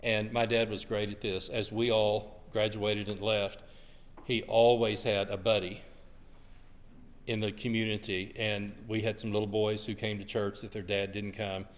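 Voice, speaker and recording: Man, folksy storyteller, church co-teacher, lowish voice, reverberant hall. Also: little pitch movement, moderate pace. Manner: folksy, anecdotal. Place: church classroom.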